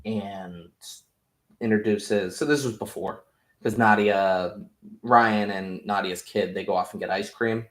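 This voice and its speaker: A man's voice: lowish voice, fairly even intonation, measured pace, fairly bright tone. A man casually recapping a TV episode, rambling, jokey and profane. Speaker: podcast host. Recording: roomy echo.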